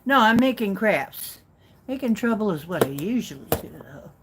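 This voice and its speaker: A woman with a flat Midwestern accent hosting a casual livestream, rambling and teasing herself playfully. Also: mid-range voice, normal speed, background noise. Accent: Midwestern American. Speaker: livestream host.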